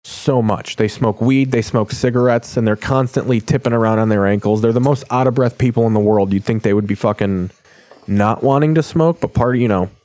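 A man's voice: mid-range voice, a little fast, darkish tone, dry recording. A man hosting a podcast, chatting loosely and jokingly while flipping through channels, rambling and swearing. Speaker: podcast host. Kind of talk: casual chat while channel surfing.

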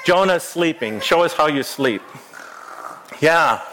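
A playful pastor leading a children's story time in a church, his voice pitched a touch high as he coaches the kids through acting out each scene. he gives quick directions and asks them questions. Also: lively intonation, pushed and bright, a little hiss or hum, poor audio. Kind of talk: children's sermon, interactive storytelling. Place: church sanctuary.

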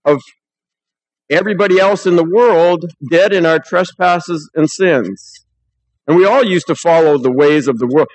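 A man's voice: on the high side, rough recording. A man pastor preaching a sermon in a church, talking conversationally and reading scripture aloud.

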